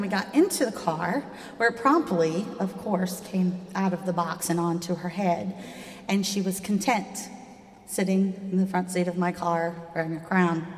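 A woman, telling a personal story live with a wry touch, sometimes dropping to a hush. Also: medium pitch. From Southern United States. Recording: echoey hall with long reverb.

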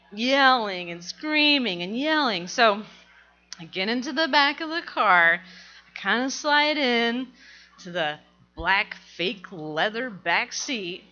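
A middle-aged woman telling a personal story to an audience, animated and laughing as she goes. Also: fairly high pitch, dull audio.

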